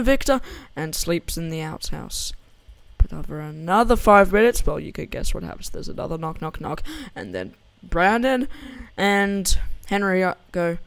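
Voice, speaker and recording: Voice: mid-range voice, creaky, smooth, dry recording. A young gamer rambling and giggling through casual gameplay commentary and a joke story, on a headset or desk mic.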